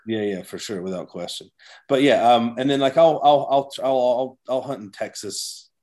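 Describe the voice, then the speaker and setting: A man's voice: mid-range voice, normal speed, a little mellow. A man chatting as a podcast guest, a rambling storyteller who restarts his sentences often. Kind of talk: casual chat.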